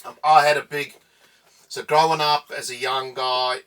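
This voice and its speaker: Bright-voiced South African man, jokey. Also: mid-range voice, level tone, normal speed, smooth, distant mic. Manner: jokey and rambling. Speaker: co-host. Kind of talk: casual chat.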